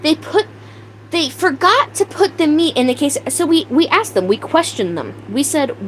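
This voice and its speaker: High-voiced young woman, streamer telling a story to chat with playful mock outrage. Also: normal speed, slight background noise, low-quality recording. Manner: animated, exaggerated outrage, laughing, reads chat names aloud. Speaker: livestream host. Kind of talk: casual storytelling to live chat.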